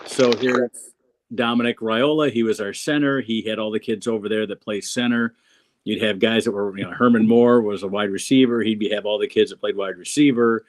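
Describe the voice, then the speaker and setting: A man's voice: lowish voice, steady tone, brisk. A middle-aged man hosting a casual chat among comedians, rambling and easygoing. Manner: rambling, easygoing, many restarts. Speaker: host.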